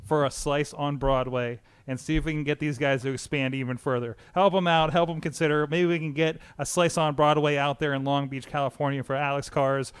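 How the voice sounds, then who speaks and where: A man hosts a loose podcast conversation. His voice sits a little high and comes through smooth and clear, and he rambles, restarting his sentences. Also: steady tone, a little fast, hardly any pauses. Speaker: podcast host. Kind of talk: casual chat with ad read.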